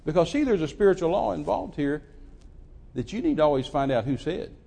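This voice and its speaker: A man in his sixties preaching a sermon, telling a story dramatically and swinging from hushed to loud, emphatic delivery. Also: fairly high pitch, animated, brisk, vocal fry, slightly rough. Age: 60s.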